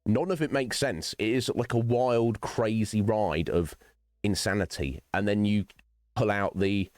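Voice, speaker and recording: There's no room sound as this man speaks, his voice on the low side, unhurried and a little mellow. He's the host of his own livestream, casually chatting with viewers by name as he games, drifting into philosophical musings and swearing freely.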